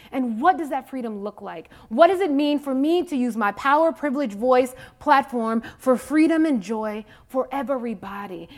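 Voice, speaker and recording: A woman in her forties speaks to a group of young people, candid and emphatic, circling back on her own phrases to drive them home. Her voice sits a little high for a woman. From Mississippi, USA. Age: 40s. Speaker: faith speaker addressing youth. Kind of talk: personal talk to young people.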